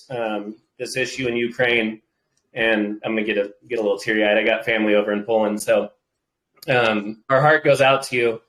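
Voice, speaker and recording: A man's voice: medium pitch, fairly bright tone, echoey room, low-quality recording. A man hosting a casual community livestream. He is under the weather and talks in a rambling, emotional way. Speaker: host.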